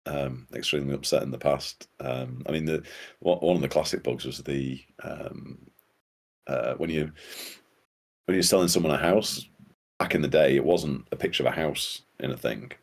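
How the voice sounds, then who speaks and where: A man with an extremely deep, low voice, speaking as a podcast guest. He talks in a halting, casual way, restarting his sentences and chuckling between thoughts. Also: gravelly. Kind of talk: casual conversation.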